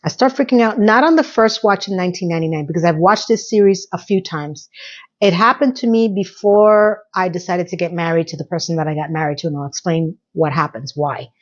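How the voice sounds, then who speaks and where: A middle-aged woman chatting through a TV episode recap, an animated storyteller full of emphatic asides. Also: lowish voice, brisk, highs cut off. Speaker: TV recap vlogger.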